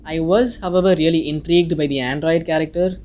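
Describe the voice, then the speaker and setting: A man's voice: on the high side, fairly even intonation, a little fast, darkish tone. A man reading a casual, opinionated film review, now and then swearing mildly. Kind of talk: scripted review narration. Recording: music playing faintly behind.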